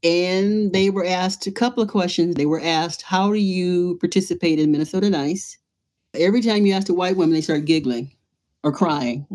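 Animated woman telling a story. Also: lowish voice. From United States. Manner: animated storyteller, acts out voices, laughs often. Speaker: artist and playwright. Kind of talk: storytelling interview.

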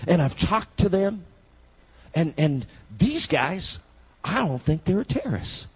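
A male preacher delivering an impassioned sermon whose husky, fairly high voice swings from quiet storytelling up to shouted proclamations. The recording sounds dull and lo-fi. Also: very animated, slow.

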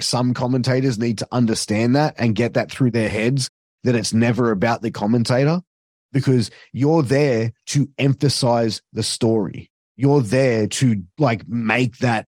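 A man's voice: mid-range voice, a little mellow, no echo, clean studio sound. A man, a guest telling stories in casual chat, swearing freely and piling on fillers. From Australia. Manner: swears freely, fast storytelling with many fillers. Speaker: podcast guest, wrestling commentator.

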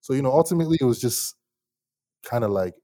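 A young man telling stories about his music start in a casual interview, animated and slangy, laughing often. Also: medium pitch, quick pace, dry recording. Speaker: musician guest.

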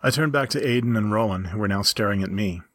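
A man with a low, husky voice reads a story aloud in a calm, measured way. The recording is dry and close, with no room sound. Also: dry recording. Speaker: story reader.

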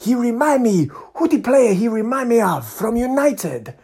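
A man putting on a Nigerian accent to voice an excitable taxi driver who gushes praise and repeats himself. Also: very high-pitched, normal speed, creaky, breathy edge, pitched above the performer's own voice, exaggerated voice. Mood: gushing. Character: cheerful gushing Nigerian male taxi driver.

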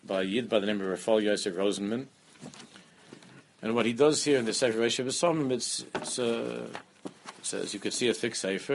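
A man giving a lively Torah class, often repeating phrases and mixing Hebrew terms into his English. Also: on the low side, slight background noise. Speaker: rabbi teaching a class.

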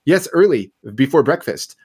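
A man's voice: fairly high pitch, expressive, moderate pace, darkish tone, slightly rough. A man reading aloud and voicing an elderly village spinster who is eagerly spreading gossip.

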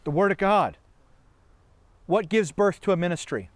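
Male preacher, sermon, high-pitched, very lively intonation, dry close sound. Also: normal speed, no room sound. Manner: animated, asks many rhetorical questions, laughs often.

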